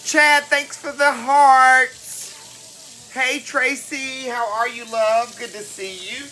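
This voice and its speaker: A woman's voice: high voice, steady tone, takes it slowly, sharp tone, a little hiss or hum, rough recording. A woman hosting a cooking livestream, greeting viewers by name in a chatty, affectionate way. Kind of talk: casual live-stream chat. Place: home kitchen.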